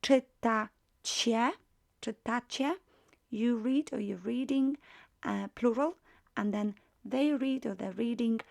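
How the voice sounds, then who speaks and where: A woman's voice: on the high side, unhurried, gravelly, mellow. A woman teaching a language lesson, patiently repeating and drilling each word form. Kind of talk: slow explanatory lesson.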